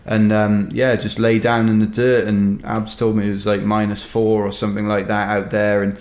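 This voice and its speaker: A man's voice: fairly low pitch, completely flat delivery, normal speed, a little mellow. A Welsh man telling a rambling, wry story in casual chat, dotted with "kind of" and "you know". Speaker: ultrarunner guest. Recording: roomy echo.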